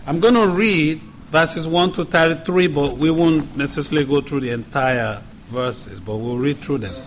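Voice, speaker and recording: A man, a pastor, leading a prayer and then preaching a sermon in a church, speaking deliberately and repeating questions for emphasis. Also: a little high, slight background noise. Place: church sanctuary.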